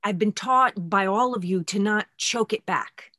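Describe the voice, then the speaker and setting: A woman hosting a podcast who speaks frankly and self-deprecatingly, with halting restarts. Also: medium pitch, a bit bright, no echo, clean studio sound. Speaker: podcast host. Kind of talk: candid podcast conversation.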